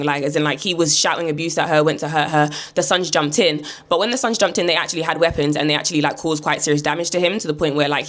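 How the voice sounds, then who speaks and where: A young woman with a British English accent, telling a story in a chatty, slang-heavy vlog style full of fillers. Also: low voice. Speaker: vlogger.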